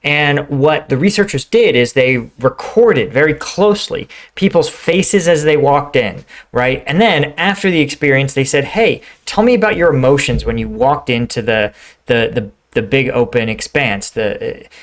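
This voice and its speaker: A man's voice: medium pitch, animated, moderate pace. A middle-aged man hosting a reaction video, talking casually and acting out quoted lines. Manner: conversational, says "right?" and "like" often, acts out quoted lines.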